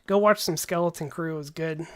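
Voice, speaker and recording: A man's voice: on the high side, a little fast, fairly bright tone, smooth. Laid-back man casually rambling on a livestream. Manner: laid-back, rambling, says "dude" often. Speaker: livestream host.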